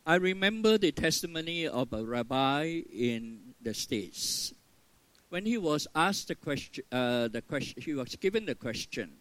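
An older man, a pastor, preaching an earnest sermon, stressing key words and then dropping to a soft, quiet tone. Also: fairly high pitch, sing-song, a little slow, dry recording, poor audio.

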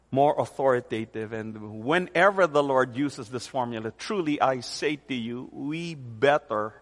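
A high-pitched man preaching with emphatic force, stretching out key phrases slowly for weight. His voice carries a long reverb, as if in a large hall. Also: a bit bright. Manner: emphatic, with slow stressed phrases. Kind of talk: sermon.

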